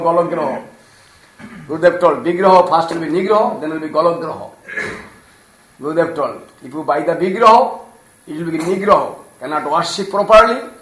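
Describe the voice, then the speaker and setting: A man telling a devotional story in simple English, animated, acting out the characters' voices and laughing often. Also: a little high. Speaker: storyteller preacher. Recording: echoey room.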